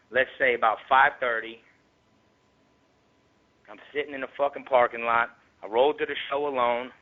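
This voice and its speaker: Profane streetwise man on a tinny line. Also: medium pitch. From Tampa Bay area, Florida. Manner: heavily profane, streetwise slang; grows heated and louder. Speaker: interview guest, rapper. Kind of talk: casual storytelling. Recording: tinny phone-line recording.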